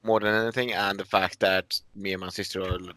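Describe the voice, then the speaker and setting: A man's voice: sits low, flat delivery, fairly quick, sharp tone, a little hiss or hum. A man talking through his character ideas as a player, hesitant and full of restarts. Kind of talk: casual tabletop game chat.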